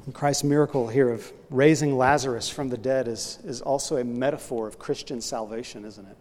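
A man preaching a sermon in a mid-pitched voice. He builds to loud, booming emphasis, then falls back to a hushed tone. The sound rings with the long reverb of a large hall. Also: fairly even intonation, fairly quick. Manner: earnest preaching, voice swelling loud on key points then dropping low. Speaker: pastor.

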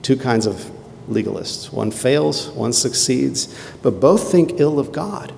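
A man preaching a sermon in a conversational way, with quick asides and emphatic rhetorical questions. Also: mid-range voice, expressive, gravelly, a little mellow, slight background noise. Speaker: pastor. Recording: long hall reverb.

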